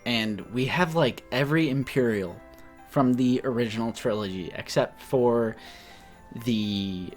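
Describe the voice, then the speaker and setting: A man in his late twenties co-hosting a casual collector podcast, talking in an animated, joking way. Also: mid-range voice, a little slow, soft background music. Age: 20s. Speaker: podcast co-host. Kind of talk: casual chat.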